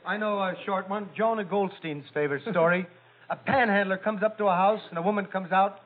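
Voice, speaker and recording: Brisk radio panelist telling a joke. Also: male voice, high voice, steady tone. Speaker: comedian panelist. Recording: muffled old radio broadcast.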